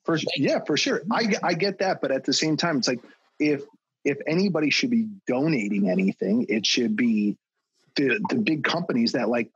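A man's voice: medium pitch, animated, normal speed, breathy edge, no room sound, highs cut off. Blunt, profane man ranting. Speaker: podcast guest, fitness trainer. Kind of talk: casual podcast chat.

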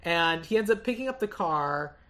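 A woman hosting a podcast, retelling a movie's plot in a casual, chatty way with quick asides and laughs. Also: fairly low pitch, animated, fairly bright tone. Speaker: podcast host. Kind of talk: casual movie recap chat.

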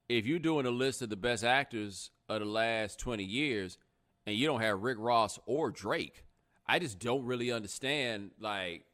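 A young adult man hosting a live podcast, chatting casually with a sarcastic, animated delivery. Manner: animated, sarcastic, rising pitch when joking. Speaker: podcast host. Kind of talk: casual live-stream commentary.

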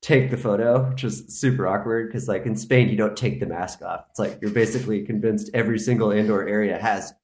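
A man's voice: fairly low pitch, fairly even intonation, brisk, few pauses, darkish tone. A man speaking as a podcast guest in casual chat, telling a long rambling story full of "like". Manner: rambling storyteller, heavy use of filler "like". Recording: roomy echo.

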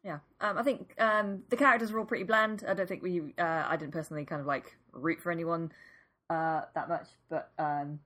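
A woman co-hosting a podcast, reading a film synopsis and chatting in a relaxed way with many "um"s. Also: on the low side, fairly quick. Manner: relaxed, hedging with "um" and "uh". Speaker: podcast co-host. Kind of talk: casual chat and read synopsis.

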